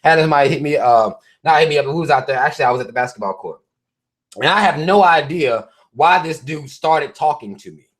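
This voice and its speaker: A man with a fairly high speaking voice hosts a live stream, reading memes aloud and picking them apart. He rants bluntly and swears constantly in loose, offhand commentary. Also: animated, fast talker. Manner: blunt, heavily profane ranting; reads memes and articles aloud to viewers.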